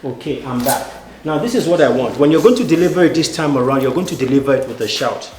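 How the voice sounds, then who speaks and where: Commanding acting coach, echoey room. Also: male voice, medium pitch, lively intonation, quick pace, faint music behind. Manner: commanding, counts out moves and shouts cues. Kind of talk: coaching students through stage combat drills. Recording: echoey room with background noise.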